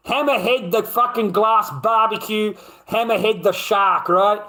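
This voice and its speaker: A man's voice: high voice, slow, sharp tone. A man, a live streamer, chatting casually to his viewers in a blunt, heavily profane, rambling way with frequent laughs.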